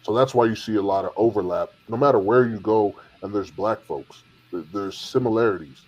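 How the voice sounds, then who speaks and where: Husky man making emphatic points. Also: fairly low pitch, brisk, a little mellow. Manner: argumentative, emphatic. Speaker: podcast co-host. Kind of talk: casual discussion. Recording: lo-fi dull sound.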